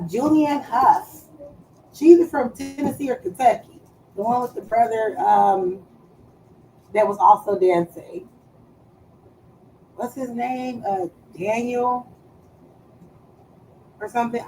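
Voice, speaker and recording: A woman chatting casually on a live stream, loud and playful, swearing freely and trailing off as she searches for words. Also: mid-range voice, slow pace, pauses often, a little hiss or hum, poor audio.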